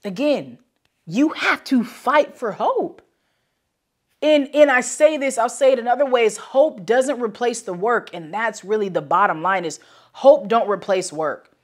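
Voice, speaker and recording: A woman's voice: fairly high pitch, moderate pace. A woman talks solo on her motivational podcast, preaching with conviction in a loose, slangy way. She circles back to her points and repeats them for emphasis, sometimes with a catch of feeling in her voice. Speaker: podcast host.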